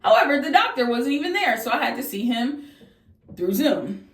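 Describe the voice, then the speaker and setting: A woman in her twenties telling a casual storytime vlog, candid and profane, jumping into high-pitched voices when she quotes people. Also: sing-song, normal speed, far from the mic. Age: 20s. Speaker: vlogger. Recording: echoey room, voice off from the mic.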